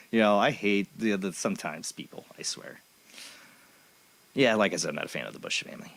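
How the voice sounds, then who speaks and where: Man, radio host, low voice, blunt, opinionated, casual chat. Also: brisk, gravelly, pauses often, a bit bright. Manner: blunt, opinionated, reads news aloud.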